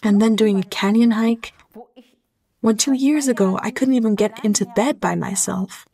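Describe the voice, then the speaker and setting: A middle-aged woman from Germany, a guest in an interview, speaking slowly and heartfelt in short, reflective phrases. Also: on the high side, mellow.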